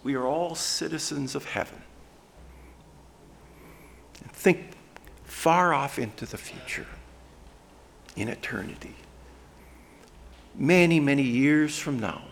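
A man preaching a sermon as pastor, swinging from hushed, soft phrases to loud, emphatic ones. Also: mid-range voice, slow pace, gravelly, long pauses, a little hiss or hum.

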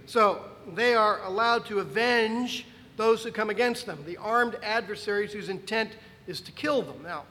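A man preaching a sermon as pastor, emphatic and animated, with dry asides. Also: sits high, in a large hall.

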